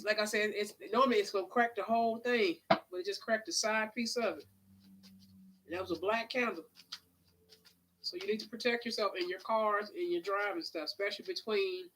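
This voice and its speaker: A woman's voice: medium pitch, fairly bright tone, rough recording. A woman giving a casual live tarot reading, chatty and drawling, sniffling now and then. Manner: chatty, drawling, calls listeners honey and child. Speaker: tarot reader.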